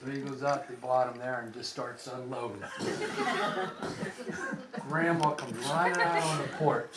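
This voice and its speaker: A man telling a funny family story at a funeral luncheon, animated and laughing as he goes. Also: medium pitch, normal speed, long pauses, distant mic, over a noisy crowd. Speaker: grandson sharing a memory. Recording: echoey room, background noise.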